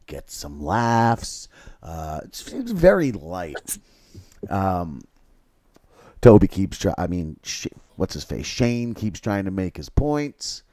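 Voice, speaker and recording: A man with a lowish voice rambles through a crude anecdote on a livestream, starting and stopping, looping back and cursing freely. The sound is dry and close, with no room around it. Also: big pitch swings, mellow, dry recording. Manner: rambling and halting, crude profanity. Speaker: livestream host. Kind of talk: casual rambling storytelling.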